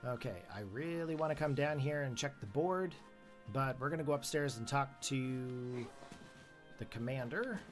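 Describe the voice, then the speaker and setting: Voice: medium pitch, normal speed, soft background music. A streamer giving playful live commentary while playing a game, laughing often and greeting viewers by name. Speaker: let's play streamer.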